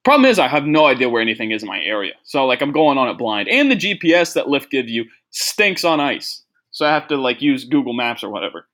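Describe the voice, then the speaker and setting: A man's voice: medium pitch, big pitch swings, fast, hardly any pauses, fairly bright tone. Rambling young man hosting a podcast. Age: young adult. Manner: rambling, self-deprecating, heavy use of "like". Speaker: podcast host. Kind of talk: casual comedy podcast monologue.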